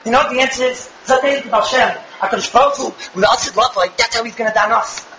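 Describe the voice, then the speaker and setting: A young man giving an animated religious lecture to a live audience, firing rhetorical questions with bursts of shouting. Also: very high voice, quick pace, roomy sound, a little hiss or hum, low-quality recording. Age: young adult. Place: room with an audience.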